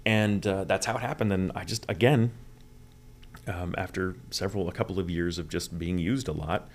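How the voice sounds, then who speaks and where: A man's voice: deep voice, normal speed. A man in his forties from Texas, a voice actor telling his story in a podcast interview, candid, profane and self-deprecating. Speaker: voice actor guest.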